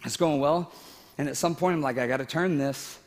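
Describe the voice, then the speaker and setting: A man's voice: fairly high pitch, a little fast. Man preaching in a reverberant hall. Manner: emotional, tearful at times, laughing asides. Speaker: pastor. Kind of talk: sermon with personal story.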